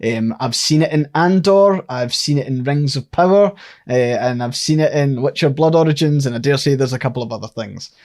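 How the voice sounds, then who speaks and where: Man, podcast co-host, thinking aloud, long explanations, casual chat, mid pitch. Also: fairly quick, a little mellow. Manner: thinks aloud, lays out theories at length.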